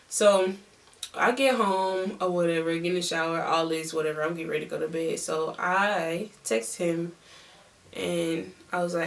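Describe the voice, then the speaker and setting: A woman telling a storytime vlog in an animated, chatty way, laughing often. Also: fairly low pitch, measured pace, long pauses, distant mic. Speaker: vlogger.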